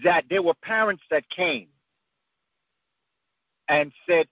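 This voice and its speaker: A man giving an emphatic, preacherly talk whose voice climbs to high peaks. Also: slow pace, pauses often, dry recording. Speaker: guest speaker. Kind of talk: impassioned lecture-style talk. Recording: dull lo-fi dry sound.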